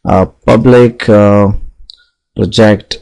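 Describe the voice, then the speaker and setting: A man's voice: lowish voice, steady tone, extremely slow, vocal fry, a little mellow, clean tone, low-quality recording. A man teaching object-oriented programming, talking through code as he types it, with frequent "okay" and "you know" fillers. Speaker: programming instructor. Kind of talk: live coding tutorial.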